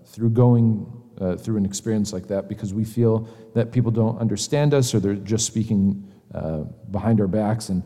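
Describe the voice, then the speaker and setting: A man giving an earnest, conversational church lecture, pausing often as he searches for words. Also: fairly low pitch, warm tone. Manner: earnest, hesitant with frequent pauses. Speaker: church teacher. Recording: long reverb of a hall.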